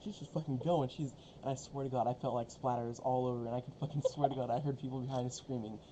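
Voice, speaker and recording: A man's voice: mid-range voice, quick pace. Young man, casual profane vlog storyteller, noisy recording. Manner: profane, rambling, animated storytelling. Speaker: co-host telling a story.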